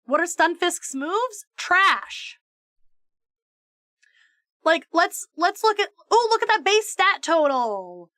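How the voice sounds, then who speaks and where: A woman streamer with a high, bright voice rants animatedly and swears freely. She stumbles over quick restarts as she chats casually with her viewers. Her voice sounds close and dry, with no room echo. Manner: animated, profane mock-ranting; stammering restarts. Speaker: VTuber streamer. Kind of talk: casual live-stream chat.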